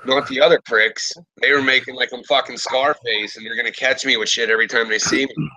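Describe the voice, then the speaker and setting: A man's voice: mid-range voice, a little fast, low-quality recording. A man from the Pittsburgh area telling profane stories in casual chat, acting out what people said. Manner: profane, animated storyteller acting out quotes. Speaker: podcast host.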